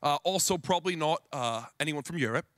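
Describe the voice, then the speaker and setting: A young Australian man, a pro gamer interviewed on an event stage, answering with deadpan jokes. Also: on the high side, brisk, no echo, studio quality. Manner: deadpan joker. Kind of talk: joking interview.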